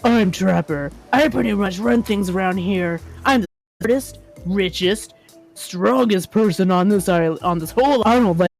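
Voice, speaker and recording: A woman's voice: medium pitch, moderate pace, darkish tone, soft background music, close to an everyday voice. A woman voicing a boastful, arrogant male killer in a dating game, bragging and domineering.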